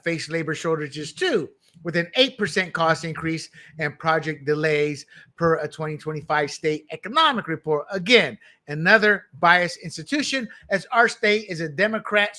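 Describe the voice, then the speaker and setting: A man hosting an opinionated political commentary show, talking in an emphatic, combative way. His voice sits high for a man and has a bright, forceful edge. He sounds scornful as he argues his points.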